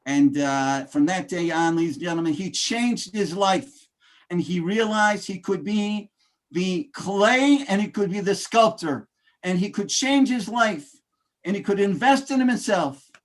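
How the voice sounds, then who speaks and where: A man with a notably high-pitched voice delivers a motivational speech. He speaks emphatically, calling out to the audience and pausing on fillers as he builds his points. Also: animated. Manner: emphatic, addresses audience as ladies and gentlemen, fillers.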